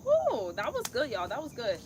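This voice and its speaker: A woman's voice: on the high side, wildly swooping pitch, normal speed, darkish tone, slight background noise. A woman leading a live yoga class on a phone, chatty and encouraging, talking through her own effort between breath cues. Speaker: yoga instructor.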